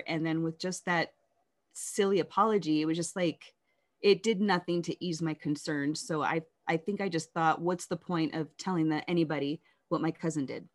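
A woman telling her life story in an interview, candid and reflective, often halting and restarting. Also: on the low side.

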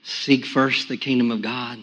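A pastor giving a sermon with a personal testimony, going from quiet, hushed telling to loud, high-pitched praise. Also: male voice, level tone, a little slow, muffled recording. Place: church sanctuary. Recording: echoey church sanctuary.

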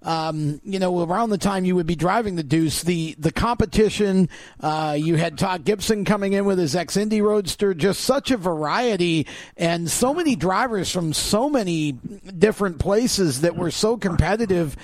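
A man's voice: high voice, normal speed, dry recording. A man in his fifties hosting an interview, asking long, winding questions with fillers. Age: 50s. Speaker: podcast host.

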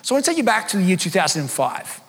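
A man in his thirties preaches in a high voice, telling stories casually and poking fun at himself. His voice rings out with a long reverb from a church hall. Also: sing-song, racing, fairly bright tone, breathy edge. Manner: conversational, self-deprecating storytelling. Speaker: pastor. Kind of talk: sermon.

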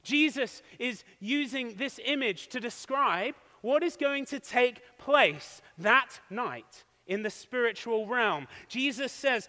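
A high-voiced man with a bright, forceful tone delivers a sermon as pastor. He retells the story in a steady, explanatory way. His voice rings out with a long reverb in a large hall. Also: slow, few pauses.

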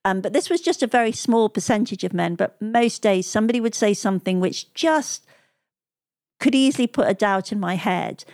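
A woman's voice: mid-range voice, lively intonation, moderate pace, a little mellow, no room sound, studio quality. A woman telling stories as an interview guest, chatting freely, laughing often and quoting the people she met. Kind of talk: conversational storytelling.

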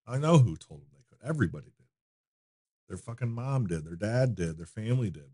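Low-voiced candid man, dry close sound. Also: lively intonation, fast talker, no echo. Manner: candid, swearing freely, trailing into quiet asides. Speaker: podcast guest. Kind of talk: casual conversation.

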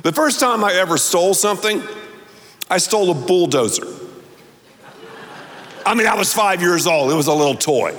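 A man preaching a sermon as pastor, telling stories and pausing on key words for emphasis. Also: high voice, expressive, fairly bright tone, long reverb tail.

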